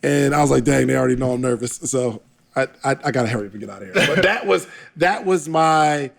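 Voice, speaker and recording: A young man telling a story in a casual interview, animated and laughing often as he acts out what people said. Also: mid-range voice, quick pace, creaky. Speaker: podcaster guest.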